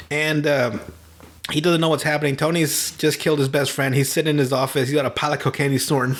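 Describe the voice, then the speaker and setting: A man's voice: a little high, brisk. A man hosting a podcast over a remote call, retelling a movie in a casual, profane way and laughing often. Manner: profane, laughing, animated storytelling. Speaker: podcast host.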